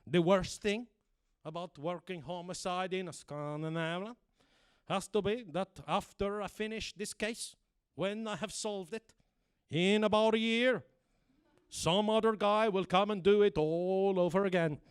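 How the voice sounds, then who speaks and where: A stand-up comedian playing a deadpan middle-aged male Swedish homicide detective, with a put-on Swedish accent, on a comedy club stage. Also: high-pitched, measured pace, clear, resonant tone, no room sound. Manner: deadpan, dry delivery.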